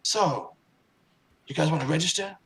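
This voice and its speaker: A man's voice: fairly high pitch, moderate pace, fairly bright tone, low-quality recording. A man narrating as game master of a tabletop game, stammering and restarting often. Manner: stammering, many repeated starts.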